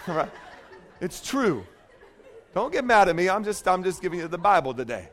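A man's voice: high-pitched, moderate pace. A man preaching a sermon in a church, telling a story with jokes and playful asides to the congregation. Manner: joking, animated storytelling. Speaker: pastor.

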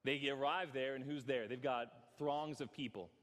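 A man's voice: mid-range voice, steady tone, moderate pace, a bit bright. A male pastor giving an earnest, self-deprecating sermon, often stumbling over repeated words. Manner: earnest, self-deprecating, frequent stammered restarts. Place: church hall. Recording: reverberant church hall.

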